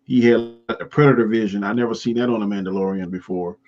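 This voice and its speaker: Low-voiced man over a dull lo-fi line. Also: steady tone, fast, a crowd in the background. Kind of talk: casual live-stream chat. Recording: dull, lo-fi audio.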